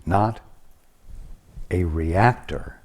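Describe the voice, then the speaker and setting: Man for a spiritual study-group talk: low, dark voice, deliberate and unhurried delivery with long pauses.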